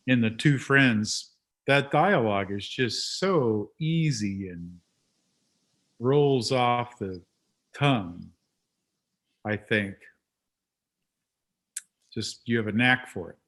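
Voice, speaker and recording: A male host in a relaxed conversation, warm-paced and talkative, with a middle-pitched voice. He gets animated as he acts out things people said to him. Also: slow, long pauses. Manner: chatty, animated when telling stories. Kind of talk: casual interview chat.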